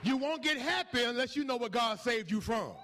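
A male pastor preaching a sermon, swinging between quiet asides and shouted, repetitive declarations. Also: very high voice, animated, brisk, music in the background.

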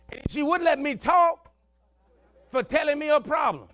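A man's voice: extremely high pitch, moderate pace, fairly bright tone, dry recording. A male pastor, preaching a sermon in a folksy call-and-response style and telling stories from his own life.

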